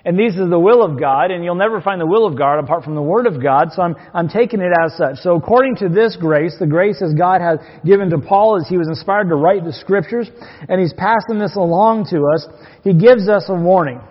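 This pastor's sermon mixes folksy jokes with readings from scripture, given in a church sanctuary. He has a high voice and talks fairly quickly. Long hall reverb and a dull, lo-fi quality mark the recording.

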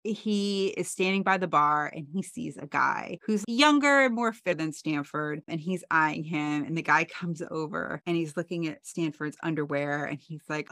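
A woman co-hosting a podcast, casually recapping a TV episode with animated storytelling and playful quoted voices. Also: low voice, moderate pace, few pauses, no echo, clean studio sound. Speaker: podcast co-host.

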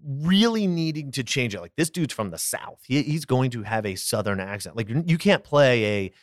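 A man with a Philadelphia accent, chatting as a podcast guest about his acting work, animated and quick to restart his sentences. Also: mid-range voice, dry recording, clean studio sound. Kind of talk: casual interview chat.

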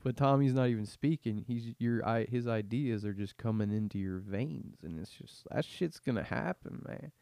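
A man's voice: medium pitch, moderate pace, hardly any pauses, mellow, no echo. Profane young man ranting on a podcast. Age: 20s. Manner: profane, slangy, meandering rant. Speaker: podcast host. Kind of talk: casual rambling monologue.

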